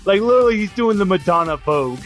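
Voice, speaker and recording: A man's voice: high-pitched, lively intonation, quick pace, faint music behind. A man playing a tabletop role-playing game, talking in a playful, laughing way. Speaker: player. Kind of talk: tabletop role-play chat.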